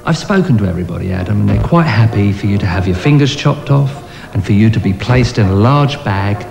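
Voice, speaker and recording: An actor playing a breezy asylum doctor who talks in a cheerful, matter-of-fact way. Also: male voice, lowish voice, animated, a little fast, vocal fry. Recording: echoey room with music.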